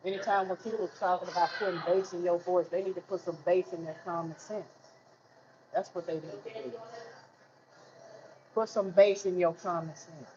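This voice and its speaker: A man speaks in a somewhat high, light voice, venting bluntly and swearing freely in a candid monologue. He is heated and plainspoken throughout. The recording is dull and lo-fi, with faint noise underneath. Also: steady tone, moderate pace, long pauses, a little mellow. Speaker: vlogger telling his life story.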